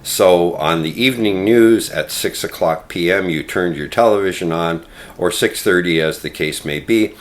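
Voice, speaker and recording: An older man hosting a solo political commentary, speaking in a slow, deliberate way with frequent ums and uhs. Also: low voice.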